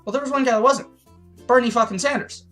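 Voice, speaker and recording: A man's voice: very high-pitched, fast, pushed and bright. Man, political vlog rant, profane, heated, restarts, faint background music. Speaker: political commentary vlogger. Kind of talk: ranting political commentary.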